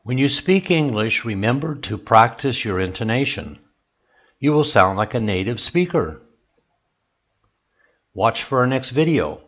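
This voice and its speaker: A man narrates a scripted pronunciation lesson at a slow, deliberate pace, with a mid-range voice. He leans into the rise and fall of each example sentence. The recording sounds dull and lo-fi. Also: mid-range voice, very animated, fairly bright tone. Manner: slow, measured, with exaggerated example intonation. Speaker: English teacher.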